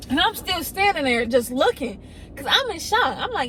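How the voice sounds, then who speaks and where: Animated and casual, a young woman recounts a story by playing its characters, voicing their lines in excited, high tones. Her speed is normal, though the recording is poor and carries slight background noise.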